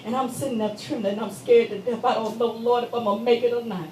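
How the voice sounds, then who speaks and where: A woman's voice: on the high side, steady tone, fast talker, a little mellow, slight background noise. A woman performing a dramatic monologue in emphatic, conversational storytelling style at a church meeting. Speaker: stage performer. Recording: echoey hall, voice from a distance.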